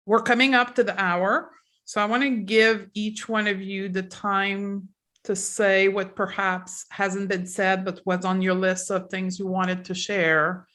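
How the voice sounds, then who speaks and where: A woman's voice: mid-range voice, little pitch movement, fairly bright tone. Woman hosting a casual panel chat. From Canada. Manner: direct, guiding questions, quick affirmations. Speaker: podcast host.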